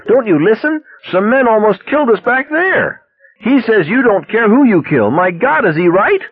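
A man's voice: medium pitch, big pitch swings, moderate pace, slightly rough, pitched above the performer's own voice. A man reading a story aloud, voicing a frightened young woman held hostage who pleads and cries out wildly. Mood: frantic. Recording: dry tinny phone-like sound.

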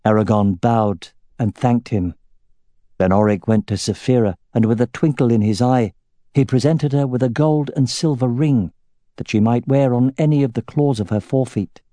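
A man reading a fantasy novel aloud as the narrator, with a steady, even storytelling delivery. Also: medium pitch, moderate pace, dry recording. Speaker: audiobook narrator.

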